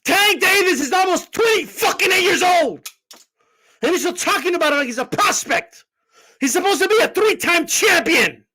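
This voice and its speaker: A man hosting boxing commentary, ranting in a casual, profane, incredulous way and bursting into shouts. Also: very high-pitched, lively intonation, normal speed. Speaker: boxing commentator, channel host.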